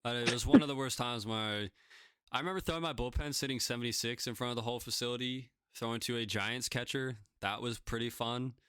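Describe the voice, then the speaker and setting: A man's voice: medium pitch, fairly even intonation, a little fast, a bit bright, smooth, no room sound, clean studio sound. A young man casually telling self-deprecating stories, rambling with lots of fillers. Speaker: podcast guest pitcher. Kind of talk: casual storytelling.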